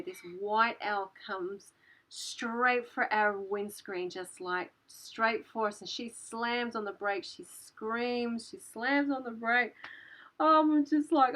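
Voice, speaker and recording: A woman in her thirties recounts a story to camera, her voice sitting at an ordinary middle pitch. She talks in an animated, breathless rush, leaning on "like" and casual swearing. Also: low-quality recording. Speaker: channel host.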